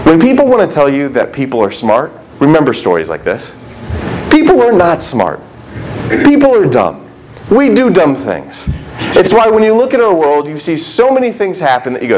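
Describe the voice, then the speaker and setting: A man preaching with a lively, swooping delivery and a fairly high voice. His tone is conversational and animated. He slips into quick character voices to tell the story. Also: slight background noise, rough recording. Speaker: pastor. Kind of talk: sermon.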